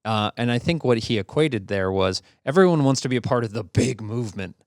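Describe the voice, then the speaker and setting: A man's voice: medium pitch, expressive, a little fast, no room sound, studio quality. A man co-hosting a podcast, telling a story in an easygoing way with fillers and restarts. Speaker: podcast co-host. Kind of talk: casual conversational storytelling.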